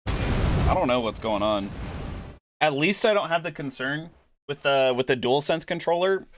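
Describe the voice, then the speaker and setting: A man's voice: a little high, lively intonation, moderate pace, a little hiss or hum. A man streaming a video game, chatting casually with his viewers and answering chat, with lots of "like" fillers. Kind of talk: casual gameplay commentary. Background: game music.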